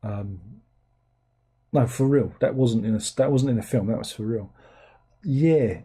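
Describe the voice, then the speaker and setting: A man's voice: medium pitch, unhurried, dark tone, breathy edge. A man hosting a casual film review, reading out viewer comments in a rambling, sardonic way with incredulous outbursts.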